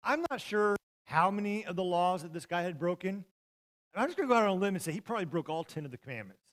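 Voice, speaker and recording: High-voiced man preaching with dramatic swings. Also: lively intonation, quick pace. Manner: storytelling, swings from loud shouting to near-whispers. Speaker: pastor. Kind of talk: sermon.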